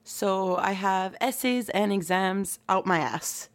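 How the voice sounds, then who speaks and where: A woman's voice: medium pitch, slow. A young woman, a student, co-hosting a casual podcast chat, giggling often and filling her talk with "like". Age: young adult. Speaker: podcast co-host.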